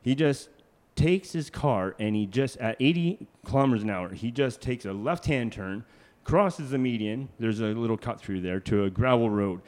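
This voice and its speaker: A man spins road tales in an easygoing, rambling manner, full of fillers and restarts. His voice sits at an ordinary middle pitch. A long echo hangs on everything, as if in a hall. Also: lively intonation, normal speed, a little mellow. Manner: rambling, many fillers and restarts, laughs often. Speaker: guest, hitchhiker. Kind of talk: casual storytelling.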